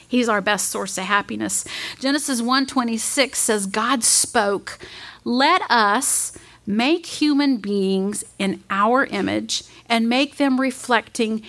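A woman preaching a sermon in an earnest manner, reading scripture aloud with slow, deliberate emphasis. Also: mid-range voice, a bit bright.

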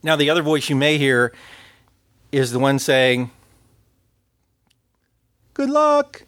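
A man's voice: mid-range voice, steady tone, moderate pace, a bit bright, dry recording. Male preacher, conversational sermon delivery, medium voice, dead-dry room. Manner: earnest, conversational preaching with scripture quotes.

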